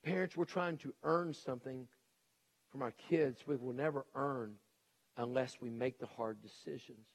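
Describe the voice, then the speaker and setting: A middle-aged man with a medium-pitched voice preaches a sermon at normal speed. His style is emphatic and folksy as he hammers home his point and acts out the people he quotes. He is a preacher and educator.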